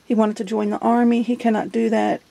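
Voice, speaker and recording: A woman's voice: a little high, flat delivery, fairly quick, vocal fry, dark tone. A middle-aged woman chatting casually while flipping through her journal, giggly and self-deprecating. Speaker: journal vlogger. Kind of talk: casual show-and-tell chat.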